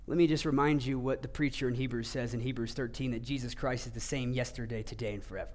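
A male pastor preaching a sermon, earnest, rising to emphatic passages and dropping to hushed low ones. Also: steady tone, fast talker.

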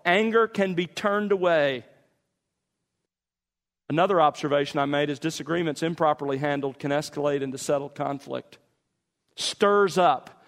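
A man delivers a sermon on meditating on scripture, leaning on key words and pausing with care. His voice sits slightly high for a man. A long reverb from the large hall trails after every line. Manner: measured, emphatic teaching with deliberate pauses. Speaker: pastor.

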